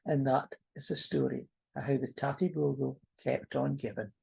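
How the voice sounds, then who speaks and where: A woman with a North-east Scots accent telling a folk tale in a lively, homely way, mixing in broad Scots words. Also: very deep voice, normal speed, vocal fry, husky. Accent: North-east Scots (Doric). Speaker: storyteller. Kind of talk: oral folk storytelling.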